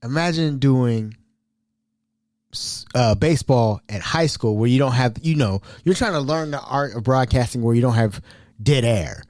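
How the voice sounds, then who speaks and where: A man's voice: medium pitch, normal speed, dry recording, studio quality. A man from Ohio hosting a podcast, telling old stories in a casual, chatty way with frequent laughs. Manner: animated, laughing often, chatty. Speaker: podcast host. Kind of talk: casual storytelling.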